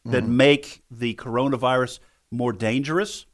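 Measured male talk radio co-host. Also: medium pitch, steady tone. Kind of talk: conservative talk radio discussion.

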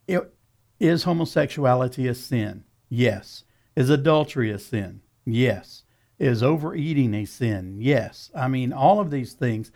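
A man's voice: medium pitch, animated, unhurried, darkish tone. A man hosting a radio talk show, asking questions and steering the conversation in a friendly, conversational way.

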